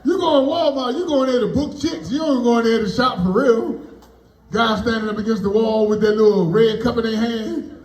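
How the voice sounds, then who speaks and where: High-voiced man doing stand-up. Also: a little fast, roomy sound, low-quality recording. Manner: loud, animated punchlines, bantering with the crowd. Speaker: comedian. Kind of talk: stand-up comedy. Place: party venue, indoors.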